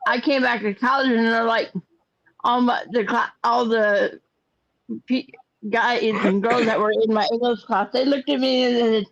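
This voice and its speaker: A woman's voice: a little high, steady tone, measured pace, no echo, dull audio. An older woman hosting a casual crochet chat stream, telling rambling stories and repeating words as she goes. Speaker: host of a crochet chat livestream.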